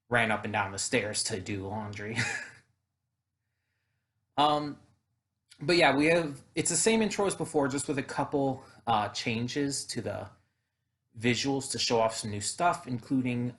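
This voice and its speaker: A man's voice: medium pitch, fairly bright tone. Chatty man rambling through a reaction intro. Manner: chatty, rambling, frequent fillers and restarts. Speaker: anime reaction YouTuber. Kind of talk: casual reaction commentary.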